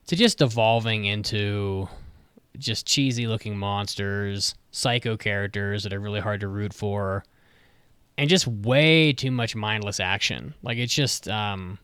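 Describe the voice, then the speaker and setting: A man on a podcast tears into a show in a blunt, swear-laden rant. His voice is smooth and clear. The recording is dry and close, with no room sound. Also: lowish voice, fairly bright tone, no echo. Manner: blunt, profane, ranting. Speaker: podcast co-host. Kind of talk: casual review chat.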